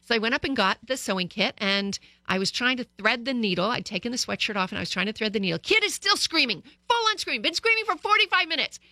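A woman hosts a radio talk show, giving listeners parenting advice in a lively, story-driven way into a studio microphone. Her voice is a little high and fast, with hardly any pauses and no echo.

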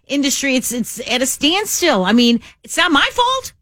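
Woman, radio co-host, playful teasing banter, slightly high voice, dry studio sound. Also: sing-song, normal speed, fairly bright tone, no echo. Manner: playful, teasing, laughs often. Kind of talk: casual on-air banter.

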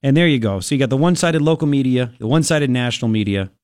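A man's voice: medium pitch, rapid-fire, darkish tone, smooth, no room sound, studio quality. A man hosting a talk radio show, ranting in a sarcastic, mocking and exasperated way. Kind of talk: opinionated talk radio monologue. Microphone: studio microphone.

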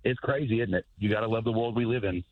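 A man's voice: lowish voice, fast. A man chatting on a radio show, giving emphatic opinions over a phone line. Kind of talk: casual radio banter. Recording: tinny phone-line sound with faint noise.

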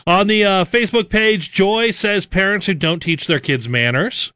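Male talk radio host, slightly high voice, dry close studio sound, chatty reader of listener texts. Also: bright, forceful tone, dry recording. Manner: reads listener texts aloud, quick and chatty with laughs. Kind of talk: casual talk radio banter.

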